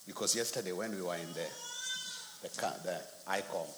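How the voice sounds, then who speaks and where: A man's voice: low-pitched, brisk. A man from Kenya, preaching a sermon and telling stories with acted-out quotes and sound effects. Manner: animated storytelling, acts out quotes. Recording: echoey hall, faint noise.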